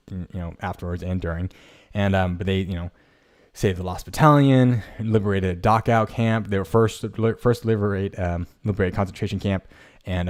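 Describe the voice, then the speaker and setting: A man hosting a casual solo podcast, rambling and halting with many restarts and fillers, laughing at himself when he loses a word. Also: sits low, darkish tone. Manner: self-deprecating, laughs at himself. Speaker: podcast host. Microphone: streamed podcast mic.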